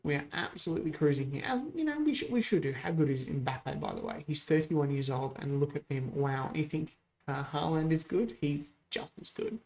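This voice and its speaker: A man hosting a gaming channel, chatting casually through a football management game, rambling, correcting himself and getting excited over goals. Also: a little high, a little fast. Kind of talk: casual let's-play commentary.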